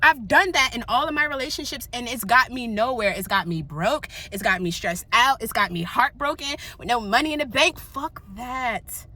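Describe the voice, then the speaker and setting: A young woman vlogging in candid casual chat, animated and slangy, often laughing. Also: on the high side, normal speed, few pauses.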